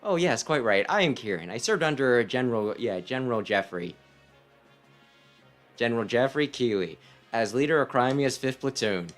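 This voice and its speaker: A man's voice: medium pitch, expressive, normal speed, faint music behind, lightly acted. A man voicing a pompous, overly dramatic male knight with theatrical declarations, reading a game aloud. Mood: grand.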